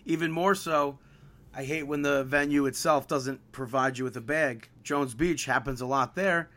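This man speaks at a normal speed in a mid-range voice, co-hosting a podcast. Telling a casual story, he performs the back-and-forth in quoted lines, sounding livelier and more fed up with every exchange.

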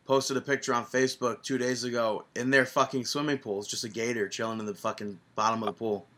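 A man co-hosting a casual podcast, animated and swearing often as he rants. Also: medium pitch, fast talker. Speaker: podcast co-host.

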